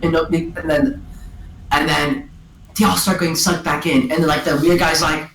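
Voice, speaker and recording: Excitable young-sounding woman, rambling giggly storyteller on a headset mic, slightly low voice, roomy echo. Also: normal speed. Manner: excitable, giggly, full of "and then" and "like". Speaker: storyteller among friends. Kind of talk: casual rambling retelling over voice chat. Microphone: gaming headset.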